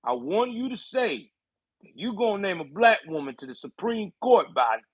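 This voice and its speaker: Man impersonating a gruff old politico, bossy, folksy drawl, pitched a bit high, husky, dry. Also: very animated, moderate pace, dry recording, full character voice. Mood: scolding. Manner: commanding, scolding, folksy drawl. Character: gruff older male politician, bossy and blustering.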